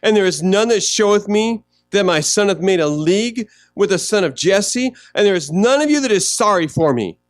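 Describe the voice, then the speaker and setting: High-pitched pastor preaching, acts out loud mocking quotes then drops real quiet, dry sound. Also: male voice, moderate pace, hardly any pauses, no echo. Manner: animated preaching, swings from loud mocking quotes to low hushed asides. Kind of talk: sermon.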